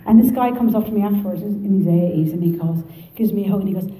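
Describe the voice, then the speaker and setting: A woman with an Irish Midlands accent telling her story at a recovery meeting, lively and joking. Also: mid-range voice, fast talker, reverberant, poor audio. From Ireland. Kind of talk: personal testimony to an audience.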